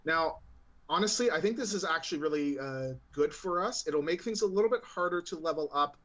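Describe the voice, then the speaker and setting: A man co-hosting a podcast remotely, talking in a rambling, relaxed way with many fillers while he explains. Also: a little high, fairly quick, lo-fi sound. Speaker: podcast co-host. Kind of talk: casual podcast chat. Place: remote, at a gaming convention.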